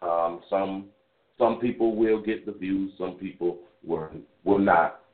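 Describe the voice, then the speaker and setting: A man's voice: low-pitched, steady tone, takes it slowly, roomy sound. Man in his thirties on a tinny phone line. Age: 30s. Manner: loose, rambling, candid and profane. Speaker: radio show host. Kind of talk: casual call-in radio monologue. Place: in a car while driving.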